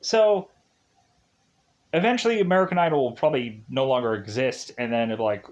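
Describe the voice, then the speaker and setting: A man's voice: fairly high pitch, lively intonation, quick pace, a little mellow, muffled recording. A man reviewing a film in a casual, rambling way. He fills gaps with "uh" and "of course" and chuckles at his own jokes.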